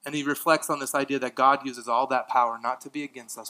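A male pastor preaching a sermon, swinging from emphatic lines to hushed ones, with casual asides and light laughs. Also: mid-range voice, steady tone, fast, low-quality recording.

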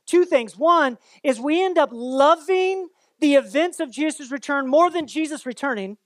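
A man with a notably high voice preaches a sermon in a loose, conversational way, breaking into playful asides and exaggerated voices for the people he quotes. The sound is close and dry, with no room echo. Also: expressive, moderate pace. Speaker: pastor.

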